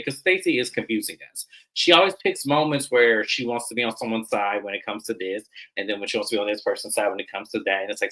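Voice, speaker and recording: A man's voice: fairly low pitch, quick pace, hardly any pauses, bright, forceful tone, low-quality recording. A man hosting a reality show recap, talking casually in slang and mimicking the cast as he retells scenes.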